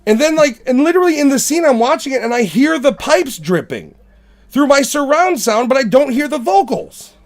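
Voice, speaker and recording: A man's voice: very high-pitched, big pitch swings, normal speed. A man hosting a podcast, ranting in casual, profane chat. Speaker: podcast host.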